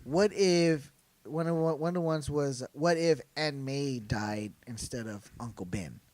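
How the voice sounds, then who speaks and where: A man's voice: mid-range voice, a little slow, a little mellow, no echo. A man co-hosting a casual podcast chat, rambling with many restarts. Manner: rambling, restarts, laughs often. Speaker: podcast co-host.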